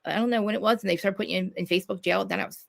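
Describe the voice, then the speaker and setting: A quick-talking woman, loud and blunt, swearing freely as she hosts a casual podcast. Her voice has a gravelly edge and sits close and dry on the mic. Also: medium pitch, steady tone, dry recording. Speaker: podcast host. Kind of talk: casual live podcast chat.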